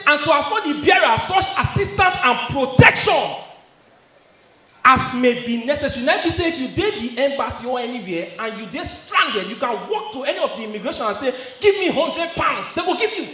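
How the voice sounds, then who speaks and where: A Nigerian man performing stand-up on a handheld mic, his voice unusually high and swinging widely from low mutters to shouted lines. He laughs through his own jokes. The sound carries the echo of a live venue. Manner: shouting punchlines, often laughing, in Pidgin-mixed English. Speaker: stand-up comedian. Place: comedy show venue. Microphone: handheld stage mic. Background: audience laughter.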